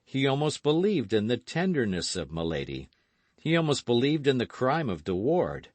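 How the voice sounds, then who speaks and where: A man narrating an audiobook of a classic novel in an expressive storytelling manner. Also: medium pitch, normal speed, no room sound. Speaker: audiobook reader. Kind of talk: scripted narration.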